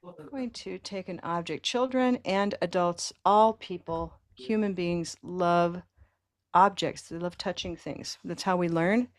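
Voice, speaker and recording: A woman's voice: fairly low pitch, a little slow, dry recording. Upbeat woman presenting a teacher workshop. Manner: upbeat, encouraging, demonstrates with objects. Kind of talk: online teacher training talk. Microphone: video call.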